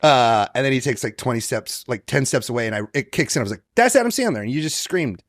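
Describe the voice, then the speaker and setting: A man in his late thirties, a guest comedian telling stories in casual podcast chat, swearing freely and acting out quotes loudly. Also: medium pitch, quick pace, no room sound, studio quality. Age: 30s.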